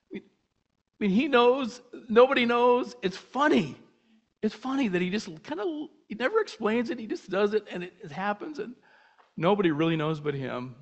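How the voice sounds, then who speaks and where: An older man teaching a Bible class in a casual, animated way, asking many rhetorical questions and breaking off mid-sentence. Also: sits high. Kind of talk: informal Bible teaching talk. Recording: muffled lo-fi recording.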